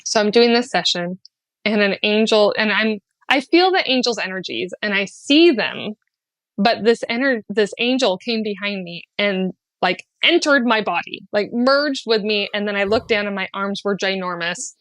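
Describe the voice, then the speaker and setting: A middle-aged woman recounts a deeply personal spiritual experience as a podcast guest. She talks in an animated way, jumping up in pitch when she quotes people and breaking into laughs. The recording is dry and close. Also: moderate pace, no room sound. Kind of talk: emotional personal storytelling.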